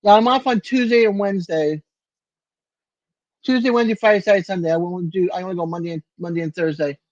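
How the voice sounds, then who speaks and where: A man's voice: high-pitched, fast talker, no room sound, lo-fi sound. An older man hosting a casual livestream from his apartment, answering viewers by name in a chatty way. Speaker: livestream host.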